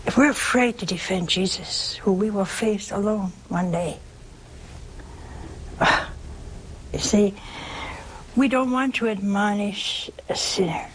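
Woman preacher, unhurried and folksy, joking with rhetorical questions, mid-range voice. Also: medium pitch, a little hiss or hum, low-quality recording. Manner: homey and humorous, with rhetorical questions. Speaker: religious speaker. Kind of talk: informal sermon.

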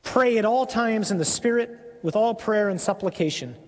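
A man preaching a sermon in an earnest, emphatic way with deliberate pauses. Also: sits high, lively intonation, big-room sound.

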